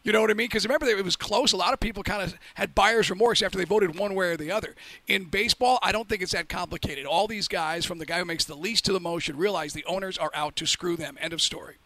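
A man co-hosting a sports radio show, talking fast and excitedly with many fillers. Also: sits high, no echo.

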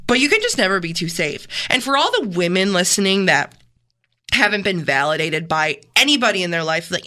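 Emphatic, bright-voiced woman. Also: on the low side, normal speed. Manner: animated, emphatic and earnest. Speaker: co-host of a morning radio show. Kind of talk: casual radio chat. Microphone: studio microphone.

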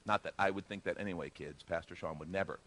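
A middle-aged man preaching a sermon in a bright, forceful voice. He talks in a relaxed, chatty way with jokey asides, then swells loud to drive points home. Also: sits low, fast talker. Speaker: pastor.

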